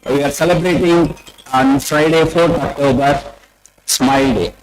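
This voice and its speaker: A man's voice: medium pitch, low-quality recording. A man giving a jokey talk at a medical meeting and leading the audience in laughter exercises. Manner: animated, leads audience in chanting.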